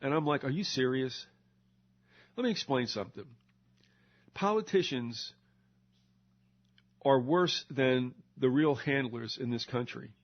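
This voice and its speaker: An older American man hosting a show, ranting sarcastically and mocking politicians in put-on voices. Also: medium pitch. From United States. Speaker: radio show host. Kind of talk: ranting monologue. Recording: slightly dull lo-fi recording.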